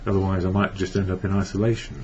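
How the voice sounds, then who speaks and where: A man's voice: low voice, level tone, fast talker, a little mellow. A man from England giving a reflective personal monologue about recovery, rambling and correcting himself as he goes. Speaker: recovery blogger. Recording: dull lo-fi with faint hiss.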